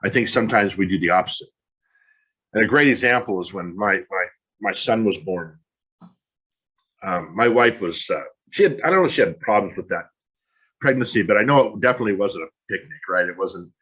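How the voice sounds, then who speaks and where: Middle-aged male motivational speaker, low husky voice, candid and self-deprecating. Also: lively intonation, brisk, fairly bright tone, low-quality recording. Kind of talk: motivational talk.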